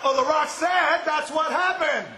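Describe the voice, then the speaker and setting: A pro wrestler cutting a boastful, shouting arena promo and referring to himself in the third person. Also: male voice, extremely high pitch, measured pace. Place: large indoor arena. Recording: echoey arena with faint crowd noise.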